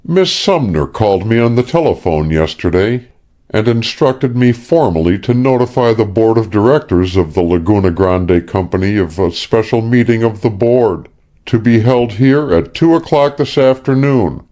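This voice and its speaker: A man's voice: on the low side, lively intonation, normal speed, mellow, pitched above the performer's own voice, natural voice. A man voicing a formal, apologetic company manager in an audiobook.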